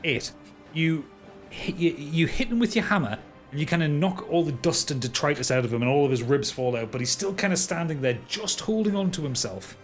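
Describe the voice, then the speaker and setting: A man's voice: on the high side, animated, fairly quick, soft background music. A man narrating as dungeon master, stumbling and repeating words as he describes the action. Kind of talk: narrating a tabletop game.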